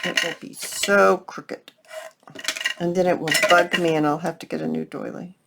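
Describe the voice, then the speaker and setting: A woman's voice: lowish voice, steady tone, moderate pace, creaky, background noise. A woman hosting a casual craft tutorial, chatting to her viewers as she works and teasing herself along the way. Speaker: crafting channel host.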